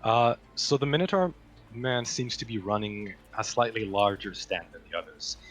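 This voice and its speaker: Man, game master, tabletop narration, bright tone, lowish voice. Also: moderate pace. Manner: descriptive, relaxed, with fillers.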